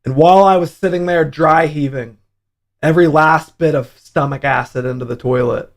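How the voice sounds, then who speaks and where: A young man hosting a casual livestream, telling a profane, animated story about his hangover. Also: on the high side, normal speed, creaky. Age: young adult. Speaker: livestream host.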